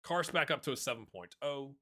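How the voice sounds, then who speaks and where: Lively bright-voiced man commentating a game. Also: mid-range voice, brisk. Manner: excitable, chatty, talks to viewers and players as lads. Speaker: gaming YouTuber. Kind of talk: casual let's-play commentary.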